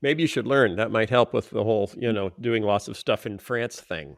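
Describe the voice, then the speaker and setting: A man's voice: on the low side, moderate pace, vocal fry, no echo, studio quality. A middle-aged man hosting a podcast in casual, joking chat with his co-hosts. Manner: playful, joking, sings a silly theme song. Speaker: podcast host.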